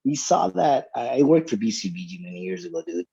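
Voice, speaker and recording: A man's voice: medium pitch, big pitch swings, fast, gravelly, mellow, husky, lo-fi sound. A man co-hosting a podcast, telling a story in a laid-back way and saying "dude" a lot. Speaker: podcast co-host. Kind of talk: casual storytelling chat.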